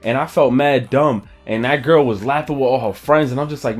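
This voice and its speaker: A young man telling a personal story in a casual, animated, profane and slangy way. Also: mid-range voice, quick pace, hardly any pauses, soft background music. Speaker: vlogger.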